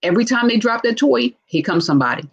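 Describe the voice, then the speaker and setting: A woman with a husky, slightly breathy voice talks through her subject in a live, casual teaching style. She is animated, acts out bits of dialogue and keeps checking in with "right?". The recording sounds dull and lo-fi. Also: a little high, fast. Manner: animated, acts out quoted speech, frequent "right?". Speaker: host discussing narcissistic relationships.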